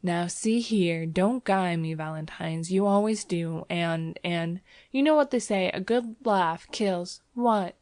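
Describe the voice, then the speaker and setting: A woman's voice: on the low side, slow pace, hardly any pauses, darkish tone, no echo, clean studio sound. A woman narrator voicing Clifford, a flustered young man who speaks uneasily and hesitantly.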